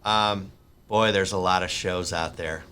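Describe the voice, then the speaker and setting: A man hosting a podcast interview over a remote call, chatty and rambling, with animated asides. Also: low-pitched, a little slow, clean tone. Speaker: podcast host. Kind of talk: interview chat.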